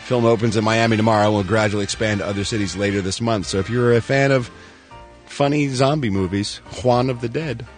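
A man's voice: on the low side, steady tone, fast, soft background music. A man hosting a radio show, joking through entertainment news with playful showbiz patter while losing his voice.

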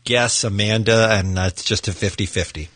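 A man's voice: on the low side, fairly even intonation, moderate pace, a bit bright, no echo. A man co-hosting a radio show, chatting casually through a guessing game and joking at his own expense.

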